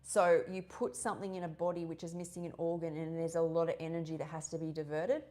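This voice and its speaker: A woman's voice: deep voice, flat delivery, fast, dark tone. An Australian woman hosting a casual live-stream chat, rambling and chatty with many fillers and restarts. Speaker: host of a live wellness session.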